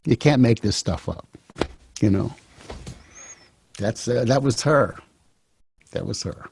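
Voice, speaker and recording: Older guy, 70s, rambling storyteller, dark husky voice, dry close sound. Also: lowish voice, measured pace, pauses often, no echo. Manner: loose, repeats and restarts phrases. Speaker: host.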